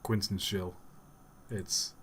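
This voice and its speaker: Slow, wry, rambling male streamer. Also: low voice, flat delivery, a bit bright, a little hiss or hum. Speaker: live streamer. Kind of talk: casual live-stream commentary.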